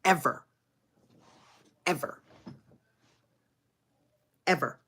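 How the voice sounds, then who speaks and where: A woman's voice: low-pitched, extremely slow, breathy edge. A woman live streaming who chats casually with her audience, swears freely and laughs often. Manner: laughs often, profane and animated.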